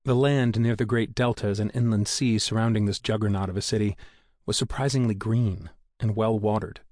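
A man reading a thriller audiobook aloud in a steady, measured storytelling manner, close to a studio mic. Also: fairly low pitch, dry recording. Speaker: audiobook narrator. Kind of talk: scripted narration.

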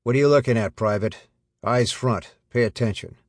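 A man voicing a big, gruff army platoon sergeant with a flat Midwestern accent, barking orders at his squad. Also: mid-range voice, normal speed, no echo, clean studio sound, pitched above the performer's own voice, close to an everyday voice. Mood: stern. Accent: flat Midwestern American.

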